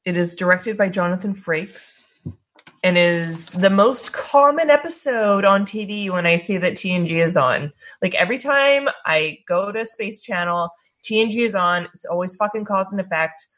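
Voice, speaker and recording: A woman's voice: medium pitch, normal speed, a bit bright, rough recording. A woman co-hosting a podcast, chatting casually and retelling an episode's plot with offhand asides and the odd swear. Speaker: podcast co-host.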